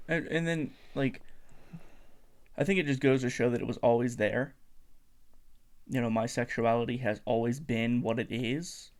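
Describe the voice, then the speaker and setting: A man talks in a soft, searching way, pausing and restarting as he reflects. He is a guest in a relaxed podcast chat, with a plain mid-range voice. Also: mid-range voice. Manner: hesitant, reflective, many fillers. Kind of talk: casual podcast conversation.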